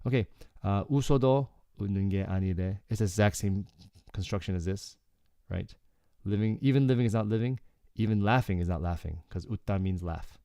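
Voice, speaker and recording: A man with a low, mellow voice walks through a song's lyrics as a casual Korean lesson. His tone is smooth and clear, and he keeps checking in with learners as he explains. The sound is close and dry. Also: fast, hardly any pauses, no echo. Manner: relaxed, explanatory, frequent "okay" and "like". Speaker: Korean language teacher.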